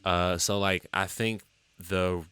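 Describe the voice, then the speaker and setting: Low-voiced man rambling casually. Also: slow, clear, resonant tone. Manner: rambling, many fillers, lively swings up in pitch. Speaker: musician and TikTok creator. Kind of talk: casual talk to camera about his music.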